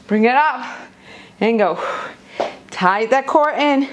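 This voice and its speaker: Energetic woman coaching a live workout. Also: high voice, slow, long pauses. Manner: energetic coaching cues, counting down. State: out of breath at times. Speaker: fitness instructor. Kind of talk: live workout class instruction. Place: home, near a busy street.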